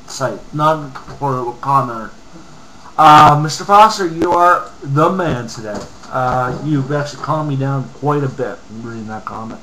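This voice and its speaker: A man from Canada with a voice pitched a little high reads comments aloud into a computer mic and fires back in a heated, profane rant. His talk swings between muttered asides and angry outbursts. A faint hiss sits under the recording. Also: expressive, moderate pace, bright, forceful tone, rough recording. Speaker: vlogger. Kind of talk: ranting while reading online comments aloud.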